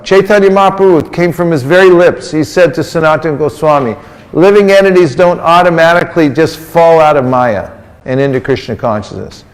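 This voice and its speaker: A religious teacher speaks a little fast, his voice a touch high, as he leads a group through an interactive sermon. He playfully teases them into call-and-response answers. The recording echoes with a large hall's long reverb.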